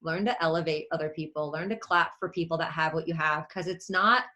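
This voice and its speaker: Animated woman giving an emphatic pep talk. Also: low-pitched, brisk. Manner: animated and emphatic, acts out quotes, laughs. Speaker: network marketing leader speaking as a guest. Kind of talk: motivational talk on a video call. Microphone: video call.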